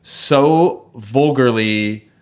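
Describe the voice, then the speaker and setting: Guy hosting a football podcast, jokey and rambling, mid-pitched voice. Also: extremely slow. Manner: playful, joking, rambling. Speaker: podcast host. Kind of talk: casual chat.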